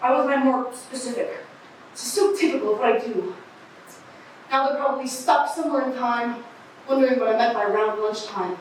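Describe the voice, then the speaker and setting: A young woman acting on stage as an eccentric street bag lady who talks about aliens, with a raspy voice and a rambling, confiding manner. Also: fairly high pitch, brisk, slight background noise, lightly acted. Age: teenager. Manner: rambling, confiding, pointing out the audience. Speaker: student actor. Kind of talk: stage monologue. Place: camp theater stage. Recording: echoey hall from far off.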